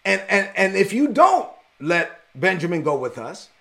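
A preacher puts on a grown son arguing with his father, insistent and exasperated. The voice sits high and gravelly. He talks in a streetwise way as he pleads. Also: big pitch swings, unhurried, sharp tone, exaggerated voice.

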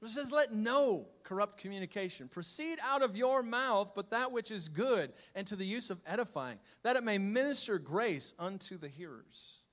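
Male pastor, sermon delivery, high-pitched, teasing humor with emphatic outbursts. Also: lively intonation, normal speed, few pauses. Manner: joking, swings from low asides to loud emphatic lines.

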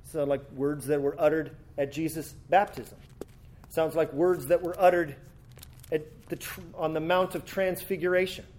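High-voiced male preacher. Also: flat delivery, normal speed, a little mellow. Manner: conversational preaching with frequent restarts. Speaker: pastor. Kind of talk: sermon.

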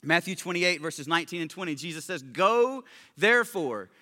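A man preaching a sermon as pastor, conversational and excitable with casual slang. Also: a little high, fast talker, in a large hall.

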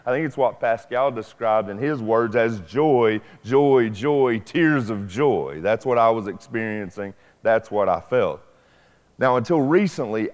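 A middle-aged man, preaching a sermon in an earnest, personal, conversational way. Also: mid-range voice. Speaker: pastor. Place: church sanctuary. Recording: long church reverb.

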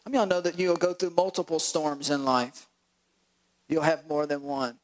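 A male pastor preaching a sermon, animated and acting out voices with laughs. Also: on the high side, moderate pace, poor audio.

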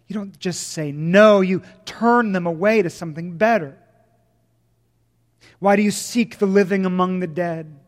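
A man preaching a sermon as pastor, swinging from loud emphasis to hushed, slow lines. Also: high-pitched, long reverb tail.

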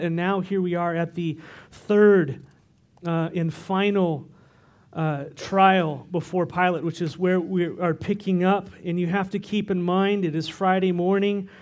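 A man preaching through a Bible passage in a conversational way, explaining the text with asides and filler words. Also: high-pitched. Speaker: pastor. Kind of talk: expository sermon.

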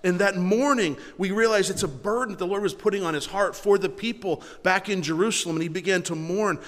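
Man, pastor, sermon, conversational, frequent restarts, high voice, long reverb. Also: a little fast, a bit bright.

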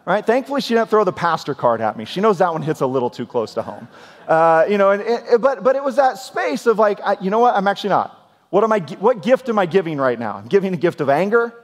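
Male pastor, 40s, slightly higher voice, earnest everyday sermon delivery with repeated-word restarts, reverberant hall. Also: very animated, quick pace. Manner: earnest, practical, often restarts with repeated words. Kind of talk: conversational sermon.

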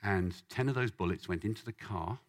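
A man preaching a sermon as a lively story, acting out the voices of the people in it. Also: on the low side, brisk. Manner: animated, acts out voices in the story.

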